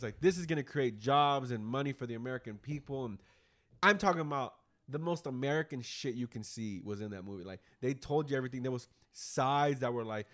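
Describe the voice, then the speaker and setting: A man hosting a casual podcast, retelling a movie in a rambling, profane way. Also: mid-range voice. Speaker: podcast host. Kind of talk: casual chat.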